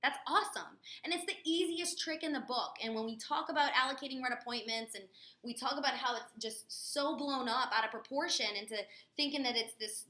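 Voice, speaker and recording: Woman sales trainer, slightly high, bright voice, chatty webinar delivery, echoey office room. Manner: energetic, chatty, lots of fillers.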